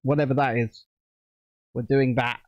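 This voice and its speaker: A man's voice: mid-range voice, steady tone, normal speed, a little mellow, no echo. A British man hosting a casual livestream, chatting and rambling while building a set at home. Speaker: livestream host.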